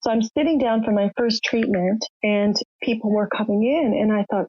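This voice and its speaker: Speaking briskly in a steady mid-range voice, an older Canadian woman tells her story as a podcast guest, candid and emotional. She performs the voices of the people she describes. The audio is muffled and lo-fi, with no echo.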